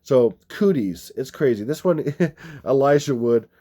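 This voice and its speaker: A man's voice: medium pitch, expressive, unhurried, dark tone, husky. A man hosting a video, rambling through number-code commentary over movie clips, meandering and repetitive with frequent restarts. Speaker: video host.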